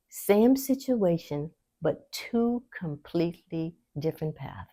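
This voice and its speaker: A woman hosting a faith-based wellness talk, speaking straight to her viewers in an encouraging, teaching way and laughing easily. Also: unhurried. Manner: warm encouraging teaching, lively pitch swings, laughs easily. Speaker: host.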